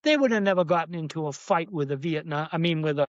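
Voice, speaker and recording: Older male guest, emotional rambling storyteller, voice a bit high, dry dull lo-fi sound. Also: fast talker, no room sound. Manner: earnest, heated, rambling with restarts. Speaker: guest, navy veteran.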